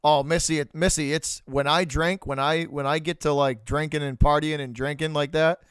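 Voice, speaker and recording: A man with a light Boston accent calls a hockey game live, play by play, for a fan stream. His voice sits a bit high and comes through smooth, clean and dry up close. He chats with his viewers between plays and roots openly for his side. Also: steady tone, moderate pace, fairly bright tone, dry recording. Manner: chatty, rooting for Boston, talks to chat viewers. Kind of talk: live play-by-play commentary to chat.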